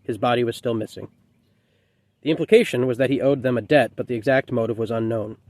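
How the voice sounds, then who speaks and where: A man reads his own novel aloud in a measured, reflective way, with a voice at a middle pitch for a man. He trips on a word now and then and corrects himself. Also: a little mellow, no room sound. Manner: measured, reflective reading with occasional slips. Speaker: author reading his novel. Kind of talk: reading fiction aloud.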